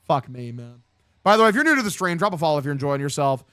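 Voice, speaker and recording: A man's voice: a little high, very animated, rapid-fire, pushed and bright, smooth, dry recording, clean studio sound. A young man streaming casual play-by-play of a baseball game, chatting and reading viewer comments with a casual, profane manner. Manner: casual, profane, reads chat aloud.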